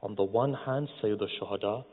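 A man's voice: lowish voice, brisk. Man preaching in an echoing hall. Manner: addresses the audience directly, guides them through imagining a scene. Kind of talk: religious mourning sermon. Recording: tinny, phone-like sound with long hall reverb.

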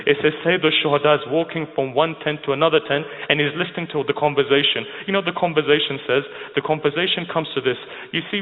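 A man preaching a narrative sermon, telling an emotional story and asking his listeners rhetorical questions. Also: fairly high pitch. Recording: phone-like sound with long hall reverb.

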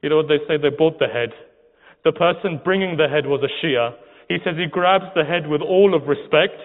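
A man's voice: a little high, a little fast. A man preaching an emotional sermon, telling a mournful story and asking the audience rhetorical questions. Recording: tinny phone-like sound in a reverberant hall.

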